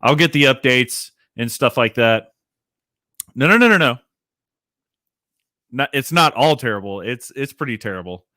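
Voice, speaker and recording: A man hosting a casual livestream chat, rambling and animated, swearing freely and laughing at himself. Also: mid-range voice, moderate pace, long pauses, dry recording, clean studio sound. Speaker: livestream host.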